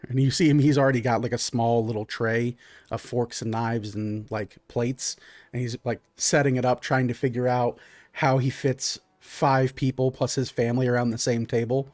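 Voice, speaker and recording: A man running a tabletop game, describing scenes in a loose, conversational way. His voice sits in a middle pitch, and the sound is close and dry with no room tone. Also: normal speed, no echo. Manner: relaxed, conversational, with many fillers. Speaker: game master.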